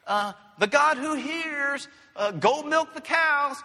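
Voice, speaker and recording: A man putting on a high, singsong voice for a mother calling out to her son, heard in a reverberant hall. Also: expressive, slow, sharp tone, full character voice.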